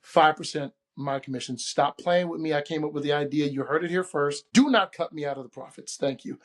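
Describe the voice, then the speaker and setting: Animated man telling a story, slightly high voice. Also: brisk. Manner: animated, acts out quotes with shifting voices. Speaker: podcast host. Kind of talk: casual storytelling monologue.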